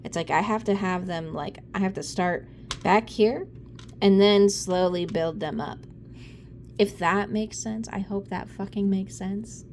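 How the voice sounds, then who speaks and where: Slow-talking blunt woman reader. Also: medium pitch, darkish tone, slight background noise. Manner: blunt, profane and rambling, with frequent laughs and sighs. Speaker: tarot reader. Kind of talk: casual off-the-cuff reading.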